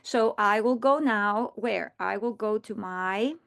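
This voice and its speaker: A woman's voice: mid-range voice, slow, creaky, clear, resonant tone. A woman training teachers in a recorded presentation, explaining earnestly and often restarting her sentences.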